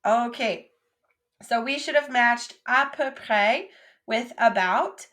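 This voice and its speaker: A woman teaching a recorded French lesson, with a slightly high voice. She speaks patiently, saying each word clearly and then pausing so the listener can repeat it. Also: a bit bright. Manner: patient, drills words for repetition.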